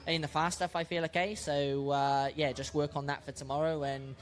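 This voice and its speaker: Male racer, casual interview, halting delivery, a touch high-pitched. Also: little pitch movement. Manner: hesitant, halting with many restarts. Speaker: motorcycle racer. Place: outdoors at a racetrack campsite.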